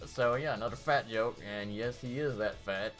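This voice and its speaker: A woman's voice: extremely low pitch, faint music behind. A woman giving a casual, rambling review of a cartoon episode, recapping scenes in a chatty way. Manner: rambling, animated recap with quick acted-out quotes.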